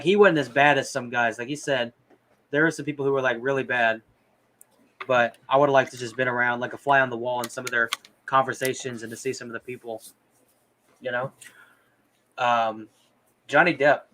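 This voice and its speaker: A man's voice: mid-range voice, fairly even intonation, moderate pace, long pauses, fairly bright tone, a little hiss or hum. A man co-hosting a casual podcast, talking loosely with plenty of fillers and offhand swearing. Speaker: podcast co-host.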